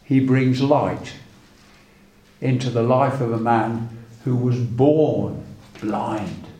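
A man delivers a sermon at an unhurried, deliberate pace, retelling scripture like a story and quoting old verses. His voice sits in a middle register. The recording carries a noticeable room echo. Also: medium pitch, warm tone. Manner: measured, storytelling, reads old scripture aloud. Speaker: preacher.

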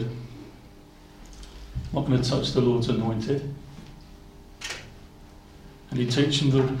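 A man's voice: on the high side, a little mellow, echoey room, low-quality recording. A man preaching a sermon, earnest, quoting scripture in old-fashioned wording and addressing the congregation as brothers and sisters.

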